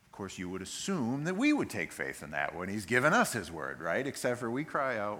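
A man preaching a sermon, telling the story in a lively way and acting out the voices of the people in it. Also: fairly low pitch, brisk, few pauses. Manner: animated storytelling, acts out voices. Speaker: pastor.

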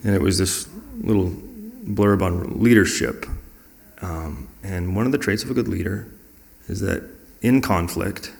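Deep gravelly man telling earnest stories. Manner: earnest and reflective, acting out quoted dialogue. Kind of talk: personal storytelling in a conversational talk.

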